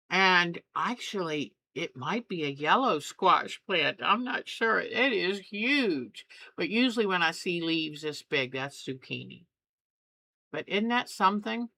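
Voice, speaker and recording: A woman's voice: fairly low pitch, gravelly, sharp tone, dry recording. A middle-aged woman hosting a quilting channel, chatting and gushing as she shows family photos. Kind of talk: casual chat while showing photos.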